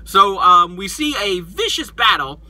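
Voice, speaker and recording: A man hosting a toy show, excitedly retelling a movie in a casual, animated way, acting out the lines and swearing freely. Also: sits high, measured pace, poor audio. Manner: animated storyteller, acts out quotes, swears freely.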